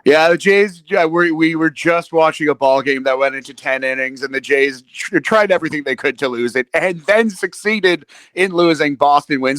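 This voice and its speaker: A man's voice: fairly high pitch, moderate pace, hardly any pauses, fairly bright tone, dry recording. A man co-hosting a podcast in casual sports chat, laughing often, joking and swearing freely. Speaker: podcast co-host.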